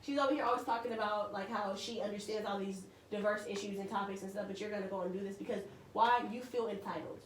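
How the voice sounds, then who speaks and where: Give me a lively, fast-talking woman in a roomy space. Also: mid-range voice. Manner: animated, heated storytelling. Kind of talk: casual group chat. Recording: roomy, distant mic with background noise.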